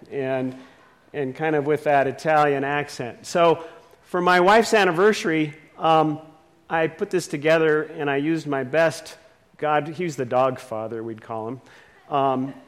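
A man speaking informally to an audience, a little high in pitch, who stumbles and restarts often. His voice rings out in a long, reverberant hall. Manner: halting, many fillers and restarts. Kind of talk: casual talk to a live audience.

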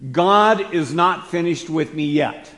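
A man preaching a sermon as pastor, stressing key words loudly, then dropping to soft asides. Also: fairly high pitch, takes it slowly. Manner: emphatic, swings between loud stresses and soft asides. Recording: long hall reverb.

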